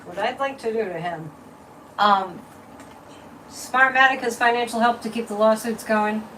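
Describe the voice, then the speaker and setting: A woman with a slightly high voice hosts a psychic livestream, chatting casually and opinionatedly as she reads comments and pulls cards. She sits a bit back from the mic, and a faint hum of room noise sits under her voice. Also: unhurried, recorded from a distance, poor audio. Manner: chatty, opinionated, lively swings in pitch and loudness.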